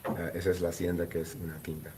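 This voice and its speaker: Male court interpreter, very low voice, brisk and businesslike. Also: monotone, warm tone, slight background noise. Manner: quick and businesslike, with frequent "uh" fillers.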